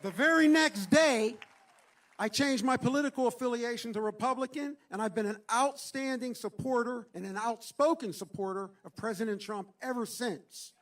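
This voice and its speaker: A middle-aged man with a strikingly high voice delivers a rousing speech at an outdoor political rally. He speaks into a stage microphone and swells into shouted chants. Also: normal speed, some chatter behind.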